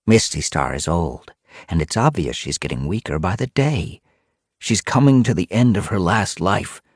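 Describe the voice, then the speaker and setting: A man's voice: deep voice, lively intonation, normal speed, no room sound, studio quality, voice pushed up. A man voicing a scheming female warrior cat who speaks coolly and persuasively in an audiobook.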